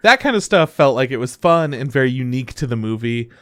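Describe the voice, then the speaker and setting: A man's voice: mid-range voice, sing-song, fast, no echo, studio quality. A man co-hosting a podcast, chatting in a laid-back way with casual swearing. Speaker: podcast co-host. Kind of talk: casual chat.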